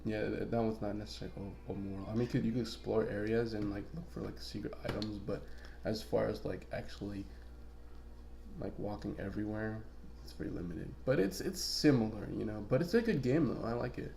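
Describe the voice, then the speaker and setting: A man's voice: fairly low pitch, brisk, vocal fry, mellow. A man co-hosting a podcast, chatting casually and telling loose, profane stories full of fillers. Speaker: podcast co-host. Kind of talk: casual chat. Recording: echoey room.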